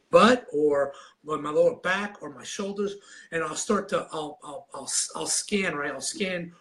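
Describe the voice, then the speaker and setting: A man's voice: a little high, a bit bright. Man coaching with a nasal cold voice. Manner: rambling, repeats and restarts a lot; demonstrates breathing while talking. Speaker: anxiety coach. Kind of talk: live video coaching session.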